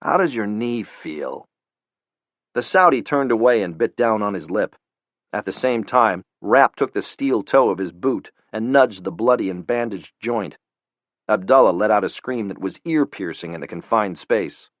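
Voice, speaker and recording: A man narrating a thriller audiobook in a steady, even way. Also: lowish voice, normal speed, dry recording. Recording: dull lo-fi, dry.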